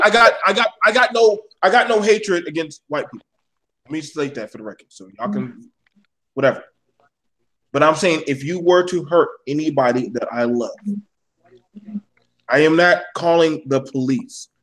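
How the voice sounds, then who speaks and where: A man's voice: fairly high pitch, moderate pace, long pauses, a bit bright, rough recording. Blunt, profane man with a raised voice. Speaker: panelist. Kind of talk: casual panel discussion.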